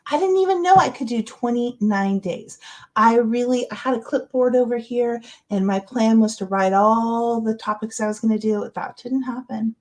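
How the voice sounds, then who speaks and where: A woman's voice: fairly high pitch, moderate pace. A middle-aged woman hosting a casual livestream, rambling and encouraging, with lots of fillers. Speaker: livestream host. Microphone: webcam or computer mic, livestream.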